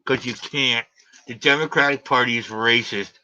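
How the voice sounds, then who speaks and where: A man's voice: mid-range voice, fairly even intonation, normal speed, pushed and bright, a little hiss or hum. A man hosting a live stream, ranting combatively in a heated argument and hammering his points with repeated questions. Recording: dull lo-fi stream audio.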